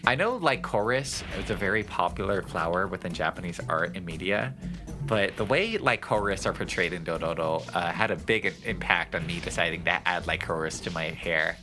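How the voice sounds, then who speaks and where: A man's voice: sits low, expressive, brisk, music in the background. A man streaming a game, chatty and joking, cursing freely as he comments. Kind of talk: casual gameplay commentary.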